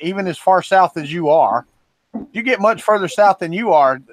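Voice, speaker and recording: A man's voice: sits high, lively intonation, normal speed, no echo. A man from Florida with a Southern accent, co-hosting a livestream in casual, teasing, rambling chat. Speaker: co-host of a livestream.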